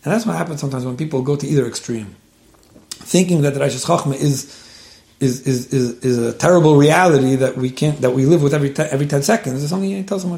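A man's voice: fairly high pitch, quick pace, gravelly, warm tone, echoey room. A man giving an informal talk, telling anecdotes in a conversational way and acting out the people he quotes. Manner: conversational storyteller, acts out quoted speakers.

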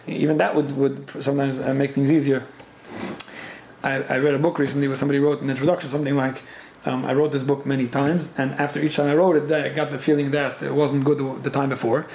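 Male Torah teacher, brisk and gravelly, talks fast with lots of restarts. Echoey room. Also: mid-range voice, flat delivery, a little mellow, a little hiss or hum. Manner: fast, repeats and restarts words. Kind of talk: Torah class with listener questions. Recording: echoey room with faint ambience.

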